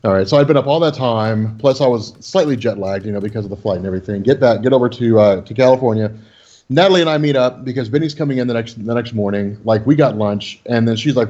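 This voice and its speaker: A man, a podcast co-host, telling a story in animated casual chat. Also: mid-range voice, fast, muffled recording.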